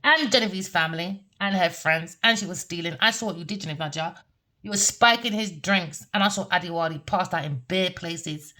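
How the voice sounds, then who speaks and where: A woman's voice: lowish voice, brisk, sharp tone. A woman giving a heated, repetitive tarot reading rant, cursing and scolding. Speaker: tarot reader.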